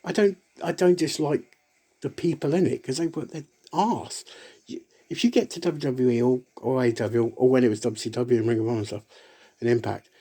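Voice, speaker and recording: A man rambling casually to camera in a solo vlog, halting and restarting often and breaking into laughter. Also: mid-range voice, dark tone, husky. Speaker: vlogger.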